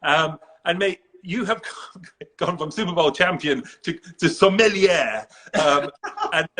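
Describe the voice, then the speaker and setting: A man's voice: fairly high pitch, expressive, takes it slowly, fairly bright tone. A man with an English accent hosting a casual live video chat, playful and teasing, laughing often. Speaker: host. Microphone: video call.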